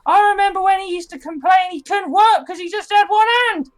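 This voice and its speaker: A man's voice: extremely high pitch, a little fast, voice pushed up, low-quality recording. A man doing a fussy old dwarf mother. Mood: doting, grumbling. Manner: fussy, complaining, smothering. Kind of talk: tabletop role-play, reading a letter in character.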